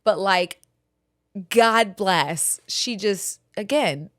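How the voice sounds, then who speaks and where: A woman in her thirties hosting a podcast, telling animated family stories with frequent laughter. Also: mid-range voice, extremely slow. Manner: animated storyteller, laughs often. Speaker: podcast host. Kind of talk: casual chat.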